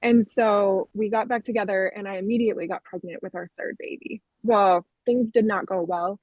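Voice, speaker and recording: A woman tells her own story as a podcast guest, candid and earnest. Her voice sits at an ordinary middle pitch. The recording is dry and a little muffled. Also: fairly even intonation, normal speed, darkish tone, no echo. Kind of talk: personal testimony in an interview. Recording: dull, dry lo-fi sound.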